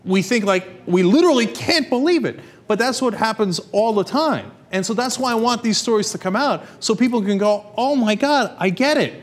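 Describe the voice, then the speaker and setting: A man's voice: high-pitched, lively intonation, fairly quick, few pauses. A man hosting a panel discussion, reflective as he explains his point. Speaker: show host.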